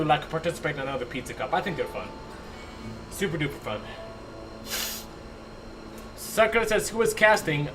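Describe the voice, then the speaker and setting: A young man casting a strategy game live from his home attic, excitable, laughing often and chatting with his viewers. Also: fairly high pitch. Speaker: esports caster. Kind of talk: live game commentary with chat banter.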